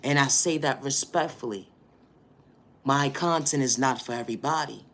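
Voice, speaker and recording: Male spiritual reader with a bright, forward voice; preachy motivational monologue that swells into emphatic outbursts. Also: medium pitch, normal speed. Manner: preachy, repeats stock phrases, builds to loud emphatic bursts.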